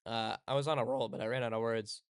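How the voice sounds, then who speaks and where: A man talking casually over gameplay, rambling and sarcastic, correcting himself as he goes. His voice sits at an ordinary middle pitch. The sound is dry and close. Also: steady tone, fast talker, clear, resonant tone, dry recording. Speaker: streamer.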